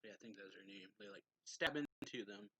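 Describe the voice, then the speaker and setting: A man's voice: fairly low pitch, very animated, a little fast, gravelly, bright, forceful tone, slight background noise, rough recording. A man casually retelling a manga chapter as a reviewer, rambling with lots of fillers and self-corrections.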